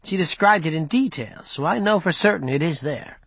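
A man's voice: fairly high pitch, expressive, normal speed, creaky, fairly bright tone, breathy edge, dry recording, full character voice. A man reading an audiobook, voicing a bold young male rebel leader who speaks urgently and persuasively.

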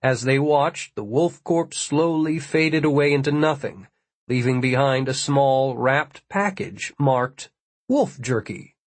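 In a mid-range voice with no echo, a man reads an audiobook in a steady, measured storytelling style.

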